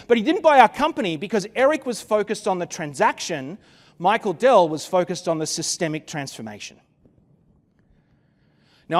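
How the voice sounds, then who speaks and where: A man's voice: fairly high pitch, long reverb tail. Man telling a keynote story. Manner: dramatic storytelling with wry asides. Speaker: keynote speaker. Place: conference venue.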